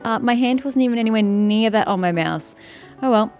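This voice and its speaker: A woman's voice: a little high, a little fast, a little mellow, soft background music. Sarcastic young woman commenting on a game. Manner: sarcastic, grumbling asides at the game. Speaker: gaming streamer. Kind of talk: let's play commentary.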